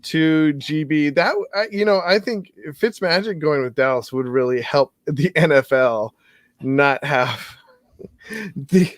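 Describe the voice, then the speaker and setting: Guy hosting a podcast, higher voice, upbeat, laughs a lot, dry close mic. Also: slow pace, no echo. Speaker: podcast host. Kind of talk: casual fantasy football chat.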